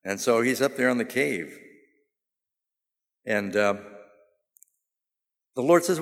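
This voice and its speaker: A man preaching a sermon, telling stories with humor and rising to emphatic, animated delivery. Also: mid-range voice, unhurried, long pauses. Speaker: pastor. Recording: long hall reverb.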